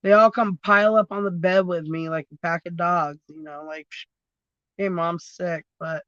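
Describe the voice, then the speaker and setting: A woman's voice: fairly low pitch, fairly even intonation, moderate pace, a bit bright, no room sound. A woman hosts a loose livestream chat from her phone, drifting from topic to topic, cursing freely and laughing as she goes. The sound is dull and lo-fi, and the room is dry and close. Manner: rambling, swears freely, laughs often. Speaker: livestream host.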